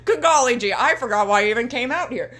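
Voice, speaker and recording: Woman doing a raised, gloating heel voice, loud and goofy, mock-chipper. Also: on the high side, lively intonation, fast talker. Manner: cartoonish, chipper, taunting. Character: goofy, smug, sing-song male wrestler villain.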